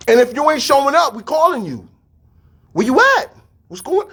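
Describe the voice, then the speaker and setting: A man giving a casual motivational talk, energetic and full of street slang, repeating his phrases. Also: very high-pitched, moderate pace. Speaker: fitness studio staff and podcast host.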